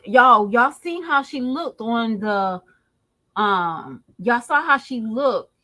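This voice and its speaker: A fairly high-voiced woman vlogger talking in a slangy, emphatic way. She speaks slowly and draws her words out, laughing as she gossips. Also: a bit bright, poor audio. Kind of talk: casual gossip commentary.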